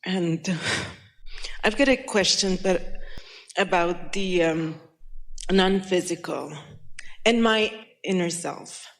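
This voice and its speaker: Slow, halting woman in a hall. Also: on the low side. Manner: halting, with many fillers and restarts. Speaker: audience member asking a question. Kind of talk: telling a personal story. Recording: long reverb of a large hall.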